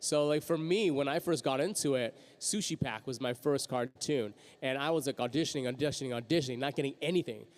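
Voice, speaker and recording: A man who voices cartoons, answering a fan's question at a convention panel with energy and quick voice demos. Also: mid-range voice. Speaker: convention panel guest, voice actor. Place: convention hall. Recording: long hall reverb.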